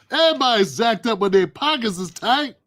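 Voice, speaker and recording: A man's voice: very high voice, fairly bright tone, no echo, clean studio sound. A middle-aged man hosting a livestream, ranting through political commentary in a blunt, aggressive and profane way. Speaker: livestream host.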